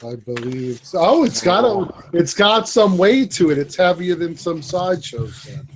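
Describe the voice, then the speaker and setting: A man's voice: sits high, very animated, normal speed, slight background noise, rough recording. A man co-hosting a collectors' chat, unboxing a statue in easygoing casual talk.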